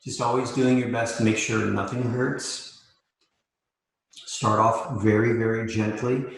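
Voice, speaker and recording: A man leading a live mobility class as yoga instructor, calmly cueing each step while demonstrating. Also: mid-range voice, creaky. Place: yoga studio. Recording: echoey room.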